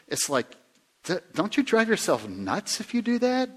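A man preaching a sermon in a conversational way, asking the listeners questions and swinging from emphatic rises to quiet low asides. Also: wildly swooping pitch, moderate pace. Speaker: pastor.

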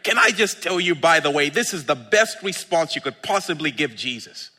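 Excitable preacher with a bright voice. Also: male voice, a little high, husky, in a large hall. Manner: excitable, laughing, drawn-out emphasis. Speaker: pastor. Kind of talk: sermon.

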